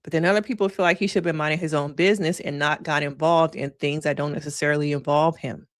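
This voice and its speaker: A middle-aged woman therapist reviews reality TV on a livestream, speaking frankly and casually with plenty of slang and quick laughter. Her lowish voice has fairly even intonation and sounds dry and close, with no room sound around it.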